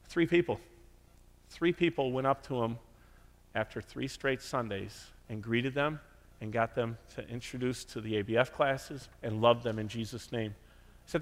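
A man preaching a sermon from a church sanctuary, animated and lively, acting out the quotes he tells. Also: normal speed, pauses often. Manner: animated, acts out quotes with big pitch jumps. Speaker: pastor. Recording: reverberant church hall.

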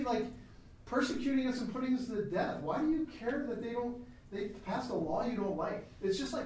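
A man teaching a Christian class in a lecture style that is chatty and animated, with asides, recorded from a distance in a classroom. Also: very high voice, a little hiss or hum. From United States. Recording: very echoey room, mic at a distance.

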